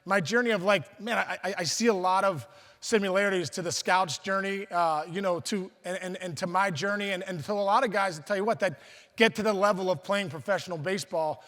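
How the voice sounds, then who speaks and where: A middle-aged man from Pittsburgh tells stories in a high, bright voice, acting out the people he quotes and stumbling into quick restarts. His speech rings through a reverberant banquet hall. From Pittsburgh, USA. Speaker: guest speaker. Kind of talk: storytelling speech at a luncheon.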